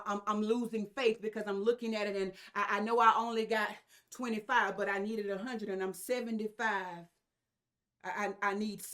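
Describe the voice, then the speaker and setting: A woman's voice: medium pitch, fairly bright tone. A woman preaching a sermon, emphatic and repetitive, with asides to her congregation.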